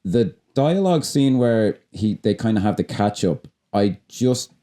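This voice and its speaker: A man's voice: on the low side, animated, measured pace, mellow. A man, co-hosting a podcast and talking casually about films, enthusiastic and rambling, with frequent restarts and swearing. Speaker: podcast co-host. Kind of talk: casual film chat.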